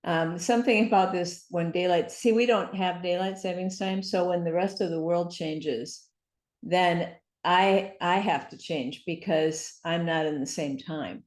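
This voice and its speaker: Low-voiced woman in an echoey room. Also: measured pace, a little mellow. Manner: chatty, apologetic, rambling. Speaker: guest speaker. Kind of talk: casual chat. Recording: roomy echo.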